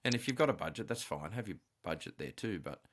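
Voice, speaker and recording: A man's voice: low voice, expressive, quick pace, fairly bright tone. A man hosting a podcast, talking in an easygoing, anecdotal way. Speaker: podcast host. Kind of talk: casual conversation.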